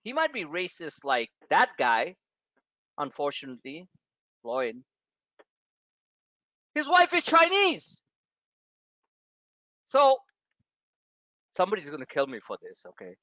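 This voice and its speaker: A man's voice: on the high side, wildly swooping pitch, takes it slowly, long pauses, bright, forceful tone, no room sound. A man, a trading coach hosting a live member Q&A, who talks in a blunt and profane way straight at his listeners. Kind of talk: live online session, rambling rant. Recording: dull lo-fi, dry sound.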